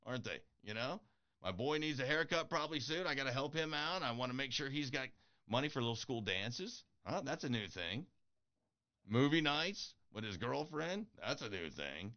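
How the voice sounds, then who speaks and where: A man's voice: medium pitch, expressive, brisk, bright, forceful tone. A middle-aged man talking earnestly to his viewers in a casual motivational vlog, pleading and encouraging. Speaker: streamer. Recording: dull lo-fi audio.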